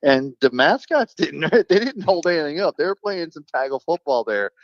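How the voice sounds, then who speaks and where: A man of middle pitch joins a sports talk stream as a guest, spinning long, rambling stories with upbeat energy. The sound is dry and somewhat dull. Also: very animated, normal speed, dry recording.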